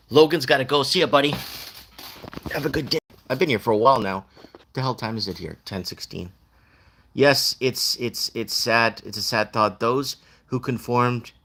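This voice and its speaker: A man's voice: lowish voice, fairly bright tone. A man hosting a casual livestream, chatting loosely and reading viewer comments aloud.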